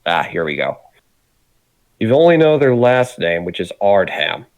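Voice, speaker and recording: Male game master, relaxed and rambling, lowish voice, dry close mic. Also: unhurried, dry recording. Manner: relaxed, rambling, laughs easily. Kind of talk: narrating a tabletop game.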